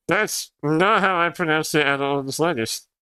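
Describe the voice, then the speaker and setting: A man's voice: on the high side, normal speed, bright, forceful tone, clear, resonant tone, dry recording. A young man whose first language is Spanish, chatting casually on a livestream, rambling and laughing often as he answers chat. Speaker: streamer.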